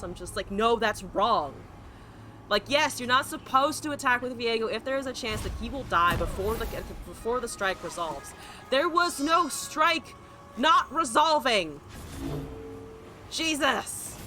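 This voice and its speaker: Profane, animated woman streamer ranting. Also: mid-range voice. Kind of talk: live-stream gameplay commentary.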